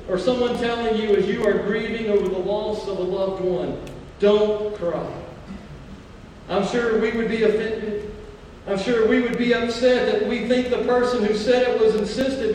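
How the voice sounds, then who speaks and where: A male pastor preaching a sermon, slowing down to stress key phrases and mixing scripture with stories about his own family. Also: sits high, darkish tone, a little hiss or hum. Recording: echoey hall, mic far off.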